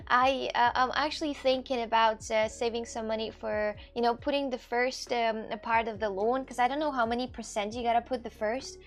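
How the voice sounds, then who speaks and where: A woman livestreamer chatting casually with her viewers and answering their questions, halting, with many fillers and restarts, and swearing casually. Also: a little high, steady tone. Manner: answers chat questions aloud. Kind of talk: casual stream chat.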